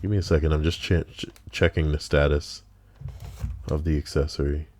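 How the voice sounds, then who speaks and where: A man's voice: rumbling low, fairly even intonation, moderate pace, a little mellow. A man streaming from home, reading stories aloud with wry, joking asides to his chat.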